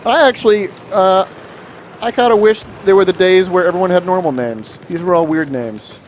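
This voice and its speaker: A man calling live esports play-by-play, excitable and jokey, reading viewer chat aloud between plays. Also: high-pitched, normal speed, slight background noise. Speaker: esports commentator.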